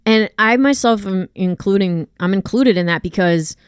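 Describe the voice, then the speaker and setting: A woman's voice: mid-range voice, normal speed, smooth, no room sound, studio quality. A woman, a dog walker and trainer, chatting on a podcast and explaining things through everyday examples, full of "like" fillers. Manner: conversational, explains with hypotheticals, many fillers like "like". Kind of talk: casual chat.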